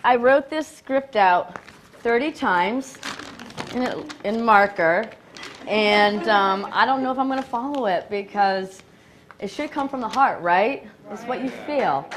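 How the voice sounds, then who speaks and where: At a live award event, a woman delivers an excited, grateful acceptance speech, laughing often, her hands shaking from nerves. Her pitch is fairly high and her pace slow.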